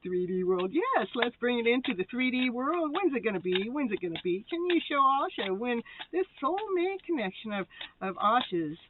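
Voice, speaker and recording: A woman's voice: on the high side, big pitch swings, normal speed. A woman host giving a live tarot reading, chatty and playful, often giggling and breaking into sing-song exclamations. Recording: tinny phone-like sound with faint noise.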